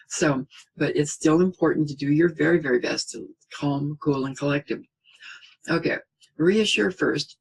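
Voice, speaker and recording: A middle-aged man giving a spoken parenting lesson in a calm, reassuring way, often checking in with "okay?" and acting out what a parent would say. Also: fairly high pitch, vocal fry, slight background noise, poor audio. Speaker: parenting teacher.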